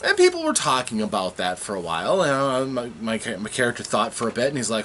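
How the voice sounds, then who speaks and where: A man retells his latest tabletop game session in a casual recap. His pitch swings widely as he tells the story, and he often stops and restarts his sentences. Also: slight background noise. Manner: animated storytelling with halting restarts.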